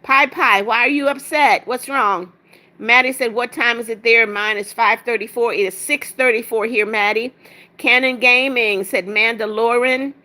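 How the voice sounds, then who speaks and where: A woman's voice: a little high, steady tone, normal speed, bright, forceful tone. A woman hosting a livestream, reading chat comments aloud and greeting viewers with cheerful repeated hellos, sometimes stumbling over names. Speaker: livestream host.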